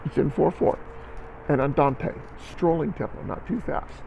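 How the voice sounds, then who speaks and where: Male band teacher, encouraging, counts beats, gravelly and a bit high. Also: a little slow, dark tone, a little hiss or hum, low-quality recording. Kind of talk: recorded music lesson for students.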